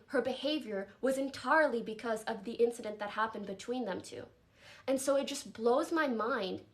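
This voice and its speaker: A young woman streamer giving an emotional, earnest statement, halting and apologetic and close to tears. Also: on the high side.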